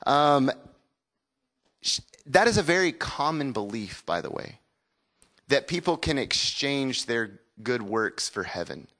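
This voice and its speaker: A man's voice: mid-range voice, big pitch swings, takes it slowly, long pauses, a bit bright. A man, preaching a sermon in a conversational storytelling way and calling on the congregation to repeat words back. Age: 40s. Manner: conversational storytelling with call-and-response. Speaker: pastor.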